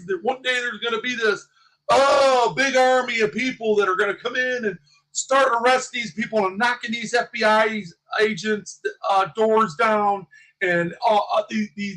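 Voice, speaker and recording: A man's voice: high-pitched, bright, forceful tone, poor audio. A man talking on his own channel in a passionate, agitated ramble, full of restarts and repeated words. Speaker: small channel YouTuber. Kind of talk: livestream commentary.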